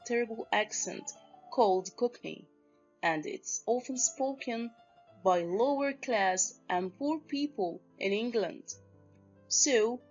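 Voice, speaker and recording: Slow-speaking woman teaching a lesson. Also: fairly high pitch, muffled recording. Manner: slow, deliberate, addresses students directly. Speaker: English literature teacher. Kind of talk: recorded lesson narration.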